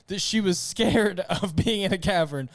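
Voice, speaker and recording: A man's voice: high voice, normal speed, no echo. A man from Tennessee, chatting casually on a podcast and laughing through his stories.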